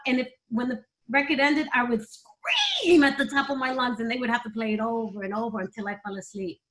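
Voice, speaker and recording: A woman's voice: a little high, big pitch swings, a little fast, fairly bright tone, low-quality recording. A middle-aged woman, a performer, telling emotional personal stories in a candid, conversational interview. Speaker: guest, performer.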